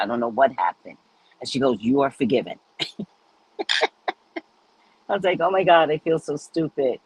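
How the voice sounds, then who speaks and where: A woman's voice: a bass voice, animated, normal speed, pauses often, a little mellow, slightly rough, poor audio. A woman hosting a live stream, chatting casually and telling stories with frequent laughter. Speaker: host of live readings.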